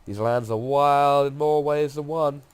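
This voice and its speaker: A man's voice: on the high side, steady tone, unhurried, clean tone, voice pushed up, natural voice. A man with a cold reading aloud the lines of a tough, restless woman guide, raising his voice for her, a little nasal. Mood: plain reading. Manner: reads game dialogue aloud in a raised voice.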